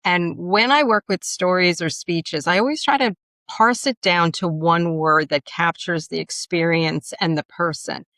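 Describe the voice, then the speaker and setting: A woman with a New York accent, a podcast co-host introducing a guest's book with expressive, enthusiastic emphasis. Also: lowish voice, unhurried, no room sound.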